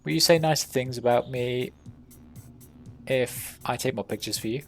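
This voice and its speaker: A man's voice: mid-range voice, moderate pace, a bit bright. Brief: casual male streamer, dry puzzled asides, mid voice, faint game music. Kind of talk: casual gaming commentary, reading dialogue aloud.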